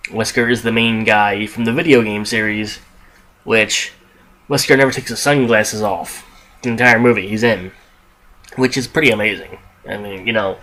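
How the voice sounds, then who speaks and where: A man's voice: medium pitch, fairly bright tone. Rambling young man reviewing a movie. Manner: rambling, many restarts and asides, casual swearing. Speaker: movie reviewer, podcast host. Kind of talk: casual unscripted review.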